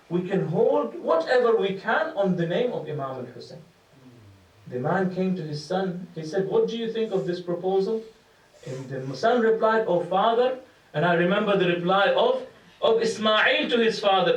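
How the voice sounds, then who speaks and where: A man with a high voice tells a story as a sermon, acting out its dialogue with a raised voice. He is picked up from a distance in an echoey hall. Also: big pitch swings, normal speed. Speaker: preacher.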